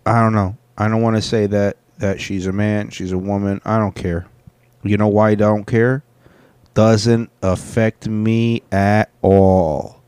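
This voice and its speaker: A man's voice: lowish voice, flat delivery, a little slow, darkish tone, smooth, no echo. A man hosting a casual reaction show, rambling and profane, often restarting his sentences. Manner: rambling, profane, self-correcting. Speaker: host reacting to video clips.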